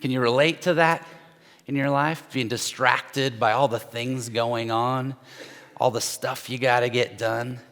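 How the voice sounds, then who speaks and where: A man's voice: medium pitch, fairly even intonation, unhurried, fairly bright tone. A middle-aged man, a pastor, preaching a sermon in a loose, conversational way with frequent restarts and acted-out quotes. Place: church sanctuary with long reverb. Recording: long hall reverb.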